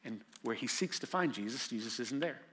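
Male pastor, middle pitch, sermon storytelling that moves between urgent and hushed. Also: animated, fairly quick. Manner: vivid storytelling, swinging from loud and urgent to hushed. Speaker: preacher.

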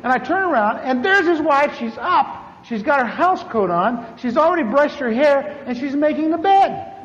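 A man preaching a sermon as a story, animated and acting out the voices of the people in it. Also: normal speed. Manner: animated, acts out dialogue with big pitch swings. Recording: echoey hall, dull lo-fi sound with faint noise.

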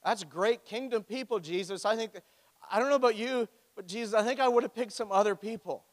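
A man's voice: high voice, fairly quick. A man preaching a sermon as pastor, with a joking, conversational storytelling manner. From Ontario, Canada. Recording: echoey hall.

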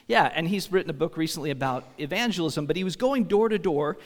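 A man's voice: a little high, expressive, quick pace, long reverb tail. A man pastor giving a sermon, telling stories in a conversational way and asking the congregation questions.

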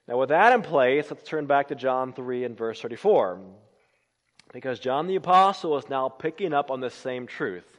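A man preaching a sermon, swinging between loud emphatic lines and hushed, low phrases. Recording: long reverb of a large hall.

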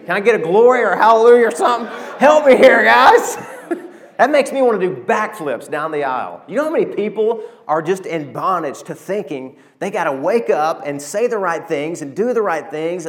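A man, preaching a sermon and telling stories with animated, emotional delivery. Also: on the high side. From Arkansas, USA. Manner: animated storytelling preacher, emotional, calls to the congregation. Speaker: pastor.

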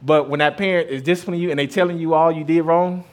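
A man in his thirties preaches a sermon in a fairly high, steady voice, speaking very fast. He's a pastor with a conversational style, weaving scripture together with stories about his kids while his loudness rises and drops.

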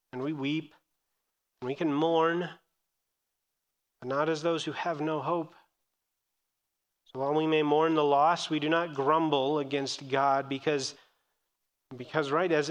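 A man's voice: fairly high pitch, a bit bright, big-room sound. A man preaching a sermon in an earnest, emphatic way, repeating key phrases. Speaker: pastor.

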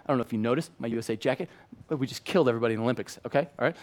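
A middle-aged pastor delivers a sermon in church at a very fast pace, his voice sitting in the mid-range. His style is lively and conversational, swinging between loud passages and hushed ones.

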